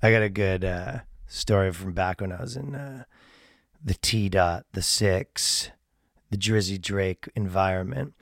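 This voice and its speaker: A man, a comedian guest, telling a rambling, halting story in casual chat and laughing at his own words. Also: low-pitched, vocal fry, no echo, clean studio sound.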